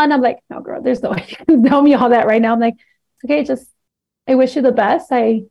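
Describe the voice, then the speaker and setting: Her voice is on the high side, fairly quick and creaky, heard through dull audio. A woman in her thirties guesting on a podcast, she tells an animated story in casual conversation, acting out quotes amid lots of laughter.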